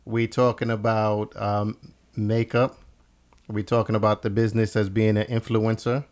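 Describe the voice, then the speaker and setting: A man's voice: on the low side, level tone, moderate pace, a little mellow. A man hosting a casual business chat show, joking and laughing often as he talks. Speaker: podcast host.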